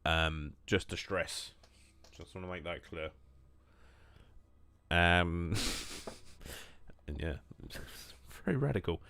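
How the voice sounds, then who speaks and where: A young man with a deep, low voice chats idly over his gameplay. He rambles, cracks jokes and answers his viewers in an easygoing monotone. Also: takes it slowly, creaky, long pauses, no echo. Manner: rambling, jokey, reacting to chat. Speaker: streamer. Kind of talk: casual gameplay stream chat.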